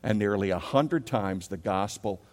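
Male pastor mid-sermon, lively call-and-response delivery, long hall reverb. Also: lowish voice, unhurried. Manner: animated preaching, leads congregation call-and-response.

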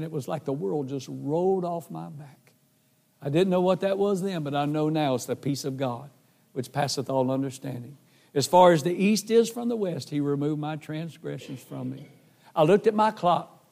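A man's voice: fairly high pitch, gravelly, warm tone, long reverb tail. A middle-aged man giving a heartfelt spoken testimony, telling his story earnestly and acting out his own prayers. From North Carolina. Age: 40s or older. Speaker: gospel singer giving testimony.

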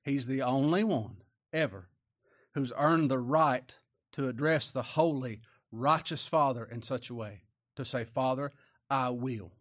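A man's voice: mid-range voice, measured pace, fairly bright tone. A male preacher giving a sermon in a folksy, plain-spoken way, driving his points home with repeated rhetorical questions.

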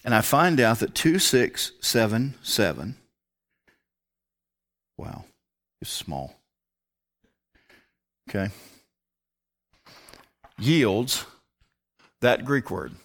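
A man's voice: mid-range voice, sing-song, extremely slow, long pauses, a bit bright. A man teaching a Bible lesson as a pastor, talking his way step by step through a word study with muttered asides.

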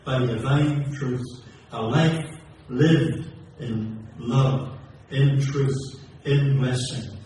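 A man's voice: medium pitch, fairly even intonation, very slow, a little mellow, slight background noise. A man preaching a sermon, building to a rising, rhythmic cadence with repeated questions. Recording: very echoey hall, heard from a distance.

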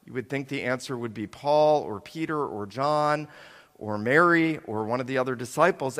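A man's voice: medium pitch, moderate pace. Man preaching in a reverberant hall. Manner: dramatic reading, voicing quoted lines with shifts in loudness. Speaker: pastor. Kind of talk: sermon with scripture reading.

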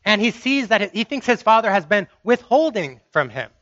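Male preacher, high and bright, emphatic sermon delivery with repeated phrases; dry, slightly dull recording. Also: very animated, moderate pace, no room sound.

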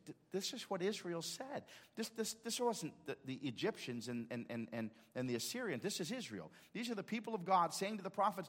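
A man's voice: fairly high pitch, sing-song, brisk, hardly any pauses, a bit bright, big-room sound. A male pastor preaching a sermon, quoting scripture with dramatic emphasis and rising intensity. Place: church sanctuary.

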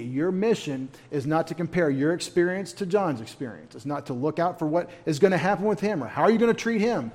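Casual bible study guy, fairly high voice, talks loose and conversational, cracks little jokes. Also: expressive, brisk, hardly any pauses, darkish tone. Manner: folksy, conversational, with humorous asides.

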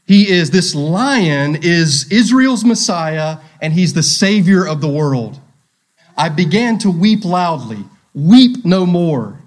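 Man, pastor, sermon, rhetorical questions, repetition, slightly high pitch. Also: lively intonation, slow.

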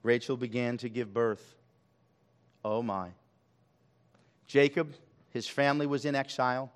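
A male pastor preaching a sermon, swelling loud on key lines and dropping to a hush. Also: mid-range voice, fairly even intonation, unhurried.

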